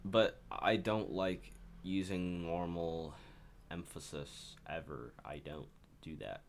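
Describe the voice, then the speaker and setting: A man's voice: low voice, fairly even intonation, takes it slowly, slight background noise. A man casually talks through his own composition as he works on it, rambling and correcting himself as he goes. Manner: rambling, self-correcting, talks while working. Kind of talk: casual screen-share commentary.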